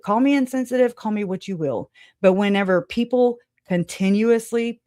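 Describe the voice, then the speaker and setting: Lady ranting on a true crime show, kinda low voice, dry close mic, swears a lot. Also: darkish tone, no echo. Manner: emotional, blunt, profane, rambling with restarts. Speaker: true crime commentary host. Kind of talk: heated reaction commentary.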